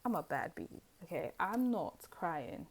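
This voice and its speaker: A woman's voice: fairly low pitch, very animated, measured pace, slightly rough. A woman giving a casual pick-a-card tarot reading, chatty and rambling, with many fillers and asides.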